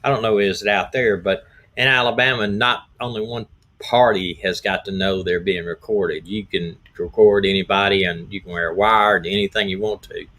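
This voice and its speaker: A middle-aged man, slightly hoarse, hosting a rambling, folksy live stream as a retired detective. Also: deep voice, fairly bright tone. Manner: folksy, rambling, repeats himself. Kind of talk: casual live-stream talk.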